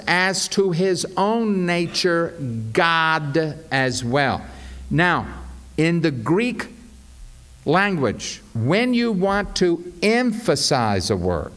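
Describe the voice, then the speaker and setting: Male pastor, sermon, slow and emphatic, fairly high voice. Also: a bit bright. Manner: emphatic, deliberate teaching delivery.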